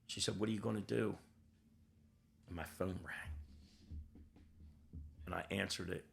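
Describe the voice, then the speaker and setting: A man's voice: deep voice, steady tone, a little slow, long pauses, fairly bright tone. An older man telling his own story as a podcast guest, blunt and raw, swearing freely and acting out the voices of people in his story. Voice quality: gravelly. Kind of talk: candid personal storytelling.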